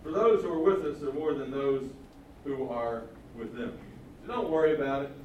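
Animated preacher in an echoing hall. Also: male voice, medium pitch, normal speed. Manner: animated storytelling, acts out voices of the characters. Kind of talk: Bible teaching sermon. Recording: echoey hall, distant mic, faint noise.

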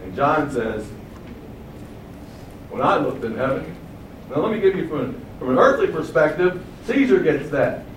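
A man preaching a sermon, asking rhetorical questions and booming out quoted acclamations. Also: very animated, unhurried, long pauses, roomy sound, far from the mic, a little hiss or hum, poor audio.

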